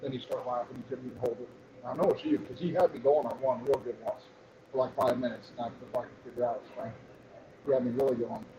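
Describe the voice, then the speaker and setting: A man's voice: mid-range voice, steady tone, quick pace, roomy sound. A middle-aged man hosting a livestream, rambling and swearing through stories over a meal at a restaurant. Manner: profane, rambling storytelling. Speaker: livestream host. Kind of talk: casual chat. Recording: noisy background.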